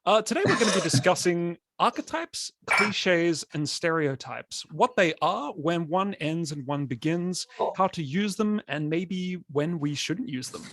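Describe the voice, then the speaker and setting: A man's voice: on the high side, expressive, a little slow, hardly any pauses, fairly bright tone, a little hiss or hum. A man hosting a writers' podcast in casual, upbeat chat, joking with his co-hosts. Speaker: podcast host.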